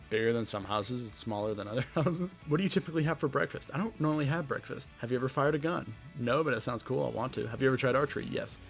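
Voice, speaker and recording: A young man with a light Southern American accent, answering rapid-fire questions on his own podcast, rambling and laughing at himself. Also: mid-range voice. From Southeastern United States. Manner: rambling, self-deprecating, laughs often. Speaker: podcast host. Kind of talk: casual Q&A monologue. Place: his bedroom.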